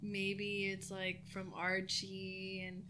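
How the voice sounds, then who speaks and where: A woman's voice: medium pitch, monotone, slow pace, noisy background. A woman co-hosting a podcast in casual chat, making wry, self-deprecating jokes. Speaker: podcast co-host.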